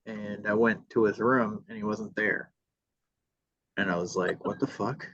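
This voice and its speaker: A man's voice: fairly low pitch, steady tone, a little slow, fairly bright tone, no echo. Casual male podcast host, swears freely, acts out the dialogue, dry and slightly dull audio. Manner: profane, re-enacts dialogue. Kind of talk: casual storytelling. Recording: dull lo-fi sound.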